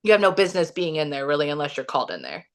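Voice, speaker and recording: A woman's voice: deep voice, big pitch swings, racing. A woman from the US Midwest, a podcast guest telling a story in a casual, rambling way, full of "like" and restarts. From Kansas City, Missouri, US. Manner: rambling, heavy use of "like" and restarts.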